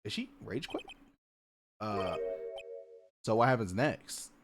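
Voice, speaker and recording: A man commenting casually on a game playthrough, excitable and swearing in quick outbursts. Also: on the low side, over loud music. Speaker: let's-play gamer.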